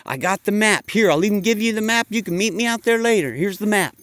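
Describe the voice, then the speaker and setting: A man voicing an eager male sheep who pleads with his flock in a high, excited voice. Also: fast talker, dry recording.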